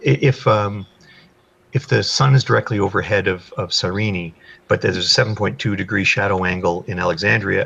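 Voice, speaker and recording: Gravelly low-voiced man chatting. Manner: chatty, animated when explaining. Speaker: podcast co-host. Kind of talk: casual group chat.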